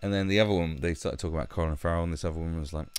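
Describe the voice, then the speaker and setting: A man's voice: low voice, steady tone, rapid-fire, clear, resonant tone, no echo. A British man giving casual, blunt and crude commentary from home, mocking voices as he goes. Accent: British English. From Britain. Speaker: commentary video host.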